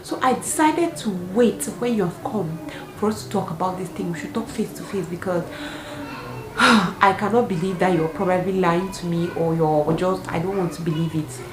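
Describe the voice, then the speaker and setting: A woman's voice: on the low side, moderate pace, music in the background, natural voice. Woman voicing an indignant confronting auntie. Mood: stern. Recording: echoey room with clear background noise.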